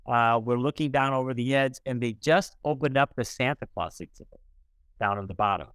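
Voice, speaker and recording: Middle-aged guy on a podcast telling a story, earnest, smooth clear voice, dry close sound. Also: medium pitch, a little fast, a bit bright, dry recording. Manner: earnest storyteller, acts out quoted dialogue. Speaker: podcast guest. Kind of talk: conversational storytelling.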